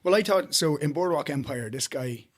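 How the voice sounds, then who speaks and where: A man's voice: fairly high pitch, expressive, normal speed. An Irish man co-hosting a podcast, chatting casually and telling stories with energy. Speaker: podcast co-host. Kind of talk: casual chat.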